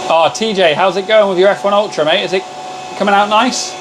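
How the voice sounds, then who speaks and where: Brief: male live-stream host, relaxed chatty delivery, friendly greetings to viewers, clear background machine noise. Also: high-pitched, fairly quick. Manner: chatty, greets viewers and calls them mate. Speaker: livestream host. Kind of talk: casual live-stream chat. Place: home workshop with laser machines.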